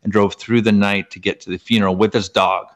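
A man from Canada speaks as a guest in a relaxed interview, telling stories from his life. His voice sits low, but it leaps upward whenever he gets excited. He peppers his sentences with "like" as he goes. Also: fairly quick. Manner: animated, pitch jumping up in excitement; heavy use of "like" as filler. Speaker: guest author. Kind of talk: casual storytelling conversation.

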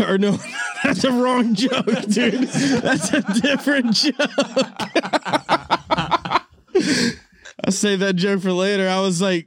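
High-pitched, slightly bright, and husky, this man speaks slowly and pauses often as he spins laid-back, rambling stories on his podcast. He swears freely, laughs a lot, and calls people "dude," recorded with a corded studio mic in a studio room.

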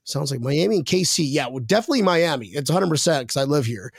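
A man hosts a casual podcast with a slightly high voice, joking and reading viewer comments out loud. The sound is dry and close. He talks like he is among friends. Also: lively intonation, fast talker, gravelly, no echo. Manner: jokey, reads viewer comments aloud. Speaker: podcast host. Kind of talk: casual chat.

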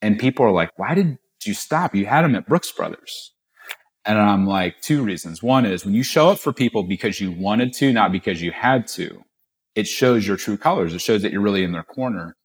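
A middle-aged man, a podcast guest, telling a business story with animated quoted dialogue. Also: lowish voice, fairly quick. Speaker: guest, gift-giving business founder.

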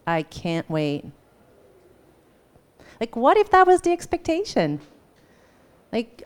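A woman teaching a live class in a conversational way, often checking in with her listeners and acting out bits of dialogue. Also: fairly low pitch. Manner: animated, acts out quoted dialogue. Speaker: workshop teacher.

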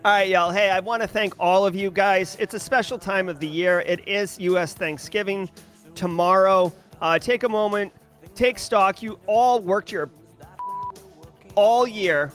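High-voiced man ranting on a livestream. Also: measured pace, faint music behind. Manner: animated, ranting, many fillers and restarts. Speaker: host of a daily cybersecurity news livestream. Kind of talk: casual livestream commentary.

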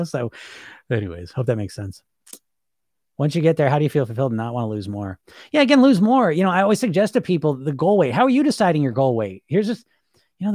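A man's voice: a little high, darkish tone, no room sound, studio quality. A man hosting a weight loss podcast, talking casually in a frank, rambling, blunt way with lots of filler words. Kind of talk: casual motivational talk.

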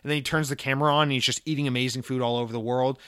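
Profane, animated male podcast host, dry mic. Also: medium pitch, very fast, clear, resonant tone, no echo. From Massachusetts. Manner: animated, profane, swings between loud rants and muttered asides. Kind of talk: casual chat.

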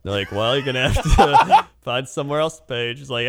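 A man co-hosting a casual chat, telling animated stories and mimicking people. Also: brisk, a little hiss or hum. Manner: animated storyteller, mimics people in high voices.

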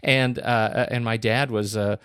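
A man raised in Colorado co-hosting a podcast, chatting casually in a halting way with many fillers. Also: mid-range voice, steady tone, fairly bright tone, smooth, no echo, studio quality. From Colorado, United States. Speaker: podcast co-host. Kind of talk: casual chat.

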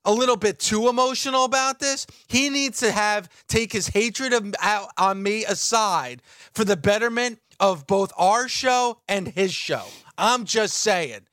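High-voiced man arguing on radio. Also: unhurried, a bit bright, no room sound, studio quality. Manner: defensive, insistent, repeats himself. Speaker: radio show co-host. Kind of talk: heated studio banter.

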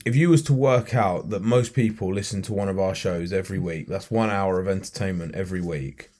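Rambling podcast co-host. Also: male voice, low-pitched, brisk, darkish tone. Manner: rambling, restarts often. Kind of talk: casual chat.

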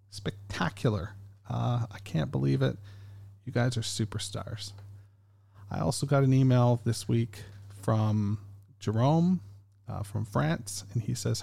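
A man's voice: mid-range voice, a little slow, gravelly, mellow. A middle-aged man hosting his own podcast in a casual, rambling way. He talks with lots of fillers and pokes fun at himself. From Canada. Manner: rambling, chatty, self-deprecating, many fillers. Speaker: podcast host. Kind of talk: casual solo podcast talk.

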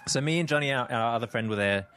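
A man's voice: medium pitch, fast. A man co-hosting a fan podcast, chatting casually and telling a story with lots of "like," acting out what people said. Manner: animated storytelling, acts out quotes with a rising voice. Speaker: podcast co-host. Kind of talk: casual chat. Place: apartment room with window open, city sirens.

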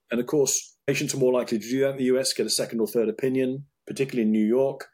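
Brief: middle-aged British doctor, husky and measured, restarts often. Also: male voice, medium pitch, fairly even intonation, a little mellow. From United Kingdom. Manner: thoughtful, with many restarts and repeated words. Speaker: urologist guest. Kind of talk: interview conversation.

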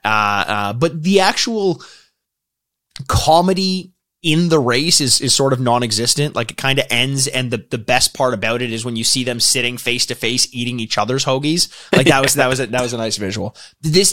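A man's voice: mid-range voice, fairly bright tone. A Canadian man co-hosting a podcast, chatting casually with lots of restarts, laughs and swearing. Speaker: podcast co-host. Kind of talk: casual podcast chat reviewing a show.

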